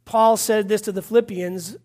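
A man's voice: high-pitched, steady tone, normal speed, darkish tone. A man from Massachusetts preaching a fervent sermon, repeating points and calling out hallelujahs. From Massachusetts, USA. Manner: fervent, repetitive, punctuated with hallelujahs.

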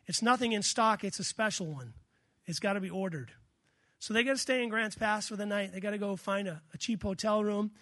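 Male pastor, sermon delivery; high voice, dry close sound, animated storyteller. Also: a little fast, dry recording.

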